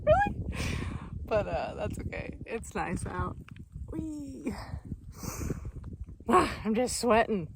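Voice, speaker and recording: Brief: upbeat woman hiker, casual phone vlog outdoors, steady noise behind. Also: medium pitch, a little slow, gravelly, few pauses. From North America. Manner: bubbly, giggly storytelling. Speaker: solo thru-hiker vlogger. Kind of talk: casual vlog chat while hiking. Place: outdoors on a trail.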